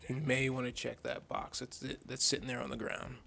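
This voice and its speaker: A man's voice: medium pitch, completely flat delivery, brisk, creaky, noisy background. A man vlogging an angry, profane rant about a bad customer experience, telling the story in a heated, exasperated way.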